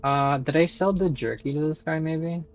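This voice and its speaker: A man's voice: on the high side, normal speed, dull audio, soft background music. A man streaming a video game live, chatting casually and thinking aloud with fillers and the odd swear.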